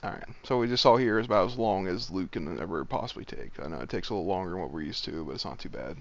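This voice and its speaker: A man's voice: low voice, rapid-fire. A man leading an online game raid over voice chat, calling out loot bids and directions in a matter-of-fact way. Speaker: raid leader running loot auction. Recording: dull lo-fi voice chat audio.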